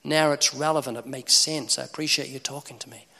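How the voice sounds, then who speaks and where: A man's voice: medium pitch, fairly quick, vocal fry. A man from New Zealand preaching a sermon, telling stories and acting out both sides of conversations. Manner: animated storytelling, voices both sides of dialogue. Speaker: evangelist preacher. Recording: long hall reverb.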